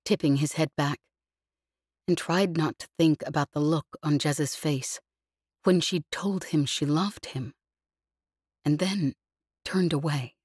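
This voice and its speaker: A woman narrating a novel in a measured, even storytelling voice, read close in a studio. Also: deep voice, breathy edge, no room sound. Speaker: audiobook narrator. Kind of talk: scripted narration.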